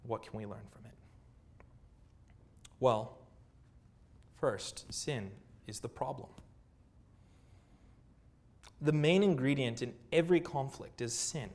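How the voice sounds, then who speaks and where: A man's voice: medium pitch, measured pace, long pauses, a little mellow. A man preaching a sermon as pastor, earnest, with rhetorical questions and repeated phrases.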